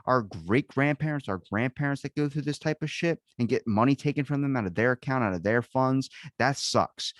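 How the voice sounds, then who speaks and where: A man's voice: mid-range voice, a little fast, hardly any pauses, no room sound. A man, a podcast guest, telling stories in casual chat, swearing often and acting out the people he quotes. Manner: animated storyteller, acts out quotes, swears often.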